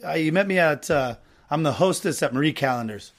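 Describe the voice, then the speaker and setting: Brief: rambling podcast host with a fairly high voice, chatty and loose, lots of fillers. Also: male voice, lively intonation, a little fast. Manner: rambling, joking, full of fillers. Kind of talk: casual chat.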